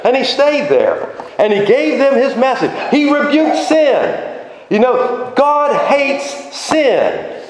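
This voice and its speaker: A man preaching a sermon with animated emphasis, his voice swinging between high exclamations and low asides. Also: slow pace. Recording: very echoey room with faint noise.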